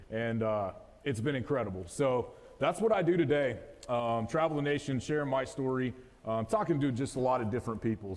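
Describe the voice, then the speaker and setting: Thirties male motivational speaker, West Texas drawl, mid pitch, casual and joking, heard in a reverberant hall. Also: darkish tone. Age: 30s. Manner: joking, folksy, talks straight to the crowd. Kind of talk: motivational talk to an audience. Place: event hall, live audience.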